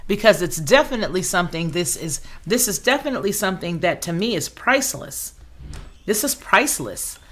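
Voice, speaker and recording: A woman's voice: medium pitch, a bit bright. A woman hosting a casual livestream, chatting and reading viewer comments aloud in an outspoken, conversational way. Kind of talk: casual live-chat talk.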